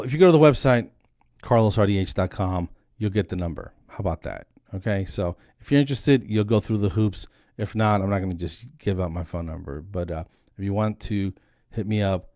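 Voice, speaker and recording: A comedian and dental hygienist in his forties rambles through a casual solo vlog monologue full of self-deprecating jokes, shot on one static camera. His voice is mellow and on the low side, captured dry with clean studio sound.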